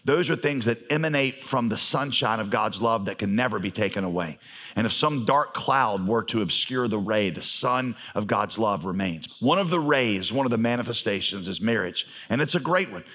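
A man's voice: on the low side, lively intonation, normal speed, fairly bright tone. Man preaching a conversational sermon. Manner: conversational and humorous, with emphatic asides. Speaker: pastor.

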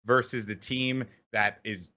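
A man who hosts esports events, telling an animated story in a casual interview, full of fillers and restarts. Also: mid-range voice, unhurried, muffled recording. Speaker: esports event host and announcer.

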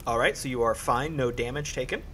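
Man, game master, calm and encouraging, mid-pitched voice, faint hiss behind. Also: brisk. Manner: calm, encouraging, dramatic narration at the close. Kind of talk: running a tabletop horror game.

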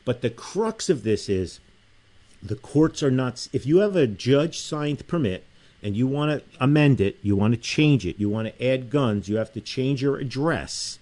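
A man's voice: mid-range voice, animated, moderate pace, a little mellow. A man hosting a radio talk show, making emphatic pleas and reading listener emails aloud.

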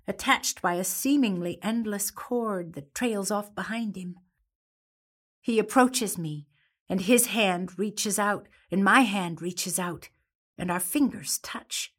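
A grieving mother of a wounded soldier, played by a woman, delivered as a dramatic monologue. She speaks slowly and haltingly, each phrase weighed down with emotion. Her voice sits at an ordinary middle pitch. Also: lightly acted. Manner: slow, halting, heavy with emotion.

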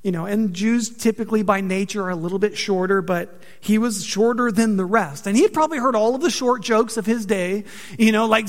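A man preaching a sermon, conversational and joking, with animated delivery. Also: sits high, fairly quick, big-room sound. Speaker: pastor.

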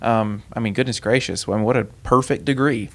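A man's voice: medium pitch, fairly even intonation, brisk. A man co-hosting an aviation podcast who teaches at a college, talking with enthusiasm and frequent ums. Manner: enthusiastic, lots of ums and hedging. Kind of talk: casual podcast chat.

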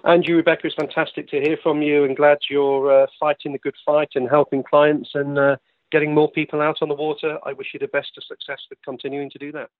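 A man's voice: on the high side, flat delivery, fast, no room sound. A British man being interviewed as a guest, talking easily in long explanatory runs over a remote line. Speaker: yacht charter guest. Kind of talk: casual interview chat. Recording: tinny dry phone line.

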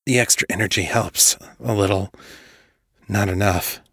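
A man voicing a frail, sickly young man who rasps and whispers in short, halting, strained phrases. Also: lowish voice, fairly even intonation, fairly bright tone, dry recording, studio quality, full character voice. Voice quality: raspy, breathy whisper. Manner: strained, halting, forced through the teeth.

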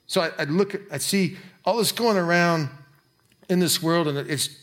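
Male pastor preaching, casual asides, voice sits a bit high. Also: a bit bright. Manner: conversational preaching with quick asides. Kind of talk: sermon.

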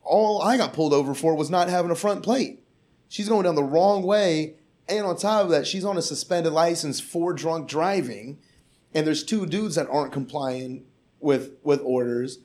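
A man's voice: a little high, moderate pace. A man who works as a comedian, telling a long story in casual, profane, rambling podcast chat. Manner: profane, rambling, animated retelling.

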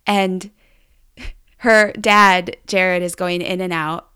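A woman hosting a podcast, telling a family story with animated enthusiasm. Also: on the low side, slow, smooth. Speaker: podcast host.

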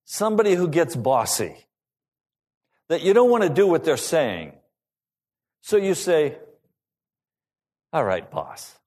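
A male pastor preaching a sermon to his congregation in an animated, rising and falling delivery. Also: a little high, a little slow, pauses often.

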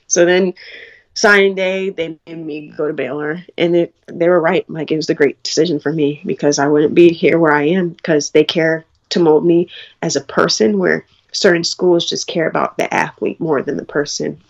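A woman's voice: sits low, steady tone, normal speed, lo-fi sound. A young woman from New York, a college track athlete, talking candidly in an interview and quoting people as she tells her story. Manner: candid, storytelling with quoted dialogue.

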